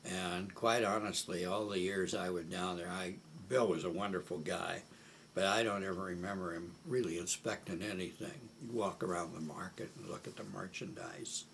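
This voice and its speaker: An older man from Omaha with a low voice recalls old stories in an unhurried way, often pausing to gather his thoughts. A faint hiss sits under the recording. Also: steady tone, vocal fry, a bit bright. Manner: unhurried, with frequent hesitations. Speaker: oral history interviewee. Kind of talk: reminiscing storytelling.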